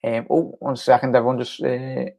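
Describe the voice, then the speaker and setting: A man's voice: medium pitch, level tone, a little fast, vocal fry, warm tone. A man from Liverpool rambles through a casual live reaction stream. His talk is loose and filler-heavy, and he keeps breaking off to answer viewers' comments by name. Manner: rambling, chatty, many fillers and restarts, reads viewer comments aloud. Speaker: fan channel host.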